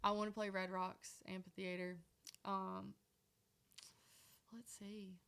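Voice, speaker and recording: A woman's voice: mid-range voice, flat delivery, slow, vocal fry, a bit bright, clear, resonant tone. A young woman from Mississippi with a thick Southern country accent, chatting as a guest in a casual interview and often trailing off. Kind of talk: casual chat.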